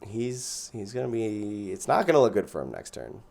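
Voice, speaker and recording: A man's voice: fairly low pitch, very animated, normal speed, gravelly, darkish tone. A man giving casual gameplay commentary as host, thinking aloud and counting out his mana as he plays. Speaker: gaming channel host.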